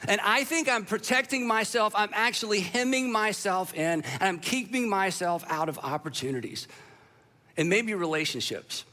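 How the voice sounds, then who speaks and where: A man preaches in a high, bright voice, turning the sermon into relaxed, conversational storytelling. He pokes fun at himself as he goes. His tone stays light and easygoing. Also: moderate pace. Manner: conversational storytelling with self-deprecating humor. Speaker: pastor. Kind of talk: sermon to a live audience.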